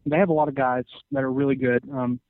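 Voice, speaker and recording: A man in his twenties, a wrestler guest on a podcast, answering casually with many halting pauses. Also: mid-range voice, steady tone, no echo. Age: 20s. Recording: tinny phone-like sound.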